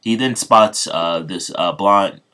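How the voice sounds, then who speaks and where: A man's voice: low voice, slow, pushed and bright. A man casually retelling an improvised fan story, rambling with many fillers and restarts.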